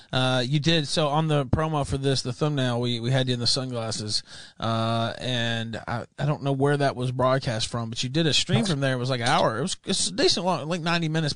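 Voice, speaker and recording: A man's voice: medium pitch, a bit bright, no echo. A man hosting a casual interview, asking loose, chatty questions and laughing often. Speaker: host.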